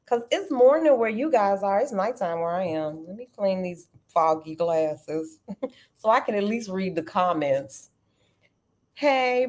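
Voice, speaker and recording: A middle-aged woman hosting a live trading stream, chatting animatedly and calling her viewers y'all. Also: mid-range voice. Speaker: livestream trading host. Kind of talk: casual live-stream chat.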